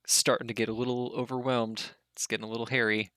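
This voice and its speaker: A man narrating a tabletop game as dungeon master, in a loose, halting way with spoken sound effects. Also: mid-range voice, level tone, bright, forceful tone, smooth, no echo.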